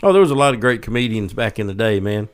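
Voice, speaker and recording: A man's voice: fairly low pitch, expressive, quick pace, clean tone. A man co-hosting a podcast in casual chat, laid-back and trailing off mid-thought. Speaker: podcast co-host.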